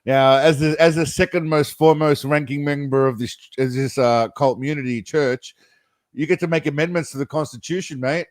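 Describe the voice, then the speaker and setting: A man's voice: on the high side, steady tone, a little fast, no room sound. A man hosting a casual livestream chat, rambling with lots of laughter and calling viewers mate and brother. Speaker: livestream host.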